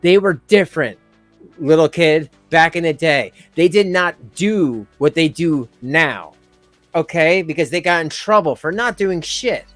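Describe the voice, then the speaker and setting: A middle-aged man hosting a reaction channel. He talks bluntly, with sarcasm and exasperation, in a fairly high voice. The recording is dry and close, with soft background music. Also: animated, unhurried, no echo. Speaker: commentary channel host. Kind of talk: reaction commentary.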